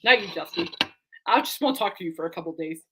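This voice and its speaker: A woman's voice: on the low side, animated, fast talker, background noise. A woman talking casually to her camera as a vlogger and fan, rambling and heartfelt, turning aside to talk to her dog.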